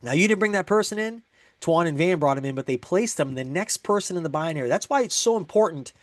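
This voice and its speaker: A man's voice: fairly high pitch, expressive, quick pace, dry recording, studio quality. A man giving a recorded sales presentation, upbeat and explaining step by step.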